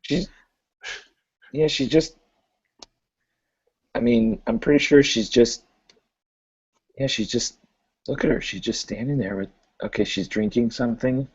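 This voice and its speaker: A man's voice: mid-range voice, measured pace, long pauses, husky. A man playing a confused improv student who stammers and hesitates in a comedy sketch. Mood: unsure. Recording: lo-fi recording.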